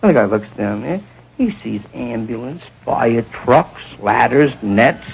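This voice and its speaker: Rambling, gravelly-voiced male comic. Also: mid-range voice, lively intonation, takes it slowly, highs cut off. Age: around 40. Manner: rambling, digressive, muttered asides. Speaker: stand-up comedian. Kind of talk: improvised stand-up monologue.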